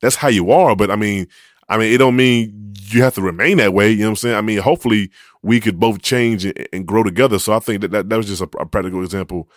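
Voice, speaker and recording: A man with a very deep voice talks quickly in a relaxed way, often restarting and repeating his words. He sounds close and dry, with no room sound. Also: no room sound. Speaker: podcast co-host. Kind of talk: casual chat.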